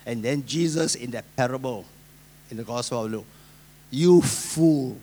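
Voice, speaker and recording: A male pastor with a Singaporean English accent preaching a sermon, swinging between loud emphasis and soft asides, acting out the voices of people he quotes. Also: mid-range voice, brisk.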